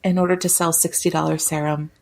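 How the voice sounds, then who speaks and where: A guest on a podcast, reacting to a story in casual chat with wry, expressive remarks. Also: mid-range voice, quick pace, vocal fry.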